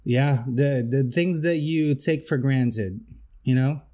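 A man's voice: medium pitch, slow, dark tone. A man co-hosting a casual podcast, enthusiastic and jokey, reacting and telling stories. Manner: enthusiastic, jokey, acts out quotes. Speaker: podcast co-host.

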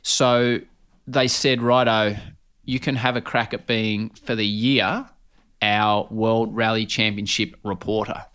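A man in his forties with an Australian accent, a sports broadcaster chatting as a guest and telling lively anecdotes, often calling his listener mate. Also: lowish voice, slow, smooth. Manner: animated, laughing anecdotes, keeps saying mate. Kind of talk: casual storytelling chat.

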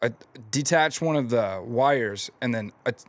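A young man in casual chat with friends, telling stories in a quick, rambling way and laughing often. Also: mid-range voice.

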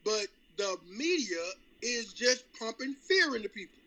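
A man's voice: very high-pitched, expressive, unhurried, a crowd in the background, rough recording. A man co-hosting a casual podcast, teasing his friends expressively. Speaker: podcast co-host.

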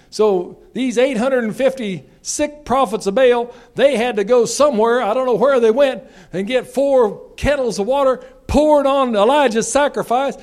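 A man preaching a revival sermon, reading scripture quietly and then building to loud, shouted exhortation. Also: very high voice.

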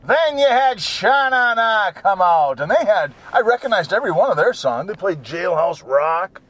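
Ranting man with a lively voice. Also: high voice, moderate pace. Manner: ranting, profane, mocks people in put-on voices. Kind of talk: rambling monologue.

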